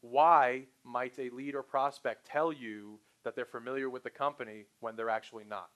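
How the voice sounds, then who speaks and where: A man's voice: medium pitch, moderate pace. A man leading a sales training session, talking casually to trainees and acting out short phone exchanges. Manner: animated, acts out customer and salesperson lines. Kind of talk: live sales training talk.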